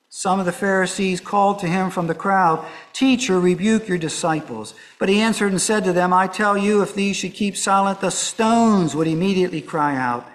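A man preaching a sermon, walking through a scripture passage verse by verse, dropping to soft hushed lines and rising to emphatic ones. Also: high-pitched, low-quality recording.

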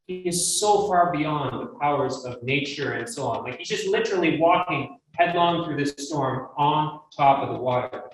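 Male Bible teacher, slightly high voice, emphatic and earnest; recorded from a distance with faint noise. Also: moderate pace, few pauses. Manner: earnest, emphatic, rhetorical questions to listeners. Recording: very echoey room, mic at a distance, faint noise.

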